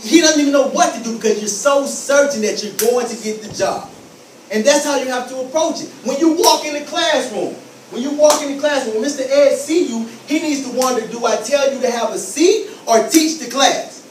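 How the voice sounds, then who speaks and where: A man's voice: very high-pitched, brisk, echoey room, recorded from a distance, slight background noise, rough recording. A man giving an emphatic motivational talk to students, repeating key phrases and acting out scenes. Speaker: motivational speaker.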